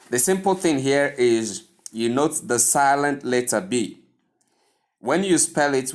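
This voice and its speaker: A man with a Nigerian English accent teaching pronunciation in a video lesson, spelling words out letter by letter and repeating them for practice. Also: mid-range voice.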